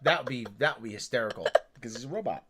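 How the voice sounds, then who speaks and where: Very low-voiced, wry woman co-host. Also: expressive, heavy background noise. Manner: wry, halting, drops in short asides. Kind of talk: casual livestream recap chat.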